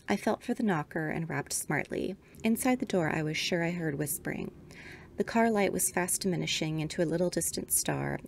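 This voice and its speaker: A woman reads a Victorian ghost story aloud in a measured, expressive way. Her voice is on the low side with a gravelly texture. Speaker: podcast host reading aloud.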